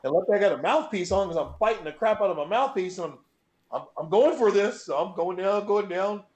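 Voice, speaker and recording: A man's voice: high-pitched, fast talker. A middle-aged man, a guest on an interview show, telling a story in a loose, profane way and acting out the moments as he goes. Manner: animated, profane, acts out scenes. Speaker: guest, bench press record holder. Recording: roomy echo.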